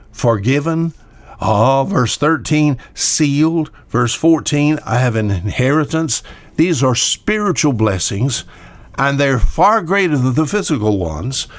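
An older man delivers a homely radio sermon at an ordinary, mid-range pitch. He rambles warmly through repeated words and filler sounds like a seasoned preacher chatting with listeners. The recording is dry and close, with no room echo. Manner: folksy, conversational, repeats words with frequent uh fillers.

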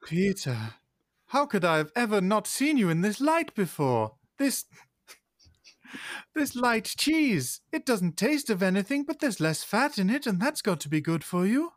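A swooning cheese lady, theatrical and gushing, with a lively, sing-song lilt, as an improv player puts her on. The voice sits at a middling pitch and sounds dry and close. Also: measured pace, dry recording. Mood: dreamy. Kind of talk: improv comedy.

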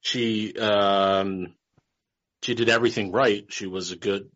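A man co-hosting a casual horror news livestream, rambling through animated stories. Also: on the low side, takes it slowly. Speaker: podcast co-host. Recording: lo-fi livestream audio.

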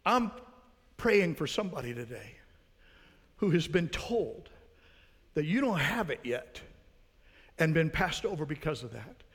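A man's voice: fairly high pitch, sing-song, unhurried, long pauses, big-room sound. A man preaching a sermon as pastor, earnest, putting rhetorical questions to his congregation.

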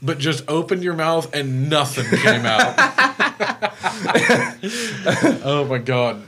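A man's voice: on the high side, animated, pushed and bright. A young man co-hosting a casual podcast chat, laughing easily and speeding up as he explains. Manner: laughs easily, talks fast when explaining. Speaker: podcast co-host.

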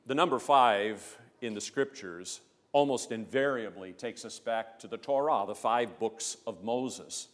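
A man preaching a sermon as pastor, emphatic, swelling loud on key phrases and dropping low between them. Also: measured pace. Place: church sanctuary. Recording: long church reverb.

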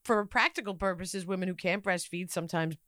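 A woman co-hosting a comedy podcast, easygoing and quick to laugh. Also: lowish voice, fairly bright tone, no room sound, clean studio sound. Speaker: podcast co-host. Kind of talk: casual comedy chat.

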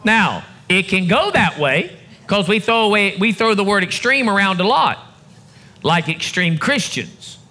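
A male pastor delivers a sermon to a church congregation, his voice sitting high and ringing bright. He preaches with building emphasis in a call-and-response style. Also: sing-song, a little slow. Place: church service before a congregation.

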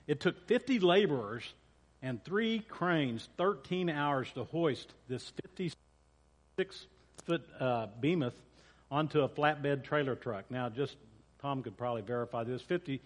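A man's voice: medium pitch, a little slow. A man preaching as a pastor, reading scripture in a casual way and often repeating and correcting himself. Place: church sanctuary. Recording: long church reverb.

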